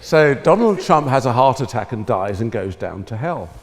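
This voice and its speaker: A man's voice: mid-range voice, big pitch swings, moderate pace, big-room sound. Laughing, theatrical man. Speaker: television chef. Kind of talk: stage anecdotes to an audience.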